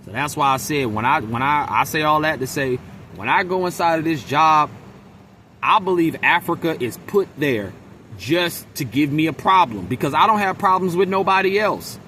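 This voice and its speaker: A man's voice: fairly high pitch, expressive, moderate pace, bright, forceful tone, a little hiss or hum. A man venting in a casual monologue to camera, blunt and profane, mimicking his coworkers. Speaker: vlogger.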